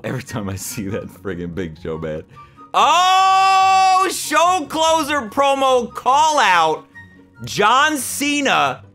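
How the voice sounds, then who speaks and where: A young man commenting excitedly on a wrestling sim game, jumping between loud outbursts and muttered asides. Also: a little high. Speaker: gaming YouTuber. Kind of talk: gaming commentary.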